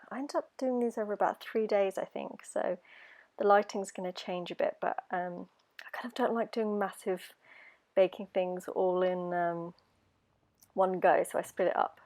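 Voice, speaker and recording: A woman with a British accent chats her way through a baking vlog. Her voice is dark and mellow, roughened by hay fever, and she rambles comfortably between steps. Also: medium pitch. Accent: British English. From England. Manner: chatty and rambling, lots of ums. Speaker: home baker vlogger. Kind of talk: casual baking vlog chat.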